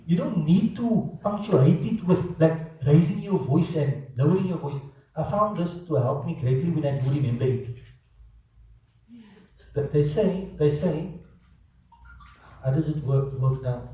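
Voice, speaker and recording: A man teaching a Quran lesson, animated and asking his students rhetorical questions. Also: fairly high pitch, a little slow, pauses often. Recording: echoey room from far off.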